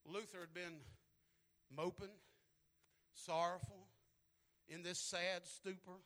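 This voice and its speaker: Male preacher, high bright voice, storytelling that swells into shouted preaching. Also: little pitch movement, slow pace. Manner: repeats words when starting phrases. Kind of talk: sermon.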